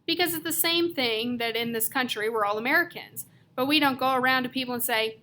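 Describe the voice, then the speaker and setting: A woman's voice: high-pitched, brisk, few pauses, pushed and bright. A woman narrating an audiobook in the first person, telling the story in a casual, slangy way as a teenage boy.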